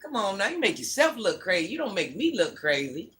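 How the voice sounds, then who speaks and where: A woman's voice: medium pitch, very animated, fairly quick, a bit bright. An older woman hosting a casual livestream, bluntly scolding and answering viewer comments. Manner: sassy, scolding, blunt talk-back. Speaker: livestream host.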